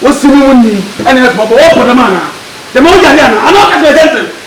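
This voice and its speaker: A man with a Ghanaian accent acting a boastful, excitable young man who shouts and pleads in a comedy film. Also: fast, over a noisy crowd, poor audio. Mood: agitated. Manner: shouting, excitable, high-pitched.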